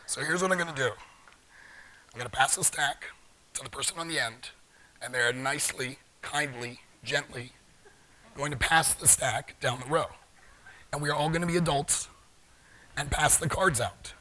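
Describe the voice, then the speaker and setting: A man's voice: mid-range voice, measured pace, long pauses, bright, forceful tone. A middle-aged man giving a live talk in a large conference hall, joking playfully with the audience. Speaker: conference speaker.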